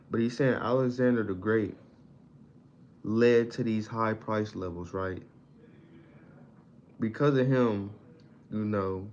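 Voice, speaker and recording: A man's voice: mid-range voice, a little mellow. A man reading a book aloud in a casual study session, stumbling over words and stopping to explain them in plain slang. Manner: reads haltingly, stumbles on words, pauses to define them in slang. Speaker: self-taught reader explaining a book. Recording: dull lo-fi audio, faint background noise.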